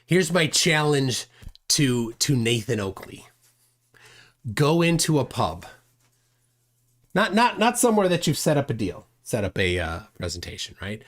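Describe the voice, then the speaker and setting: A man's voice: mid-range voice, very animated, measured pace, pauses often. Indignant male livestream host. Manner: indignant, reads chat aloud, frequent "right?". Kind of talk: casual commentary on a clip.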